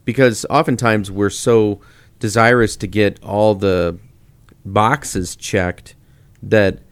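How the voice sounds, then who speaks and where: Low voiced guy, podcast cohost, thinking out loud, dry close mic. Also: fairly even intonation, slow pace, clean tone, no echo. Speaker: podcast co-host. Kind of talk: casual theological discussion.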